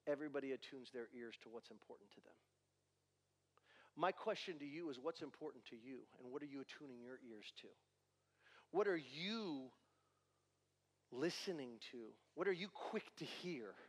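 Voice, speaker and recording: A man's voice: mid-range voice, animated, moderate pace, pauses often, breathy edge, big-room sound. A male pastor delivering a sermon with emphatic preaching and repeated rhetorical questions.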